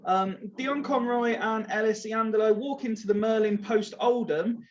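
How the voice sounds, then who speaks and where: A man's voice: high-pitched, moderate pace, lo-fi sound. A man hosting a casual fan podcast who steers the chat with questions in an easygoing way. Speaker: podcast host.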